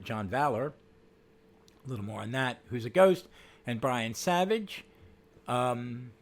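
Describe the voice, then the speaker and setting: A man hosting a casual comic book podcast, chatty, with frequent ums and restarts. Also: mid-range voice. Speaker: podcast host.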